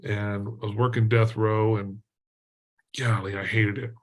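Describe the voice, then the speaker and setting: A middle-aged man from Texas, a podcast guest telling a story in a lively way, laughing often and using lots of fillers. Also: lowish voice, a little slow. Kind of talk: storytelling in an interview.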